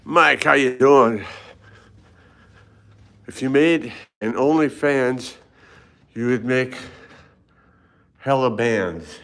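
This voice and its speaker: Speaking very slowly and pausing often, this older man has a medium-pitched, fairly bright voice. He's a fitness vlogger on a casual live-stream walk, heading through hotel corridors and stairwells and calling out to viewers by name, a bit winded from the stairs.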